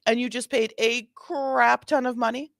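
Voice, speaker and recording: A woman's voice: a little high, fairly even intonation, moderate pace, dry recording, studio quality. A woman hosting a casual commentary on bodycam footage, sassy and exasperated, repeating her points. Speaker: host.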